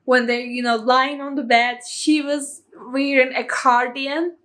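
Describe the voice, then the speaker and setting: A woman with a rather high voice talks through a film in a casual vlog review. She is chatty and openly emotional, and she keeps looping back with "you know" and "like" as she goes. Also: level tone, unhurried, fairly bright tone. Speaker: movie reviewer.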